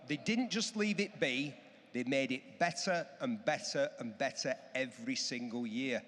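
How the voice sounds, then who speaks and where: A man in his fifties, a motorcycle expert guest, telling lively stories and giving emphatic advice. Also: fairly high pitch. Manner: animated storytelling, emphatic advice. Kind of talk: enthusiastic anecdotal chat. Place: auction hall. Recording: long reverb of a large hall.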